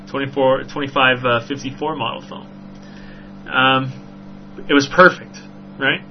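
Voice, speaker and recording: A man hosting a podcast, telling a story in a rambling, animated way with frequent "right?" asides. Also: mid-range voice. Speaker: podcast host. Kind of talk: casual storytelling chat. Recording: dull lo-fi recording with faint hum.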